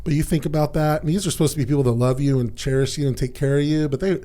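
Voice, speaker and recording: A man's voice: fairly high pitch, fairly even intonation, very fast, dark tone. A man, the podcast guest, telling personal stories in a casual, candid way, swearing and dropping "man" and "dude".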